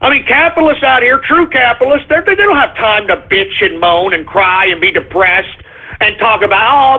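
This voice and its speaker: A high, husky man's voice that swoops all over as he rants and curses his way through a call-in radio show. He sounds constantly exasperated. The sound comes through thin and tinny, like a phone line. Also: lively intonation, moderate pace. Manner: exasperated, swearing, ranting.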